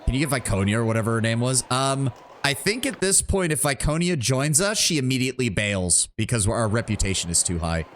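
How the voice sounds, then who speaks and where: A man's voice: medium pitch, big pitch swings, brisk, a little hiss or hum. A man giving chatty, joking commentary while streaming a video game. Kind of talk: live gameplay commentary.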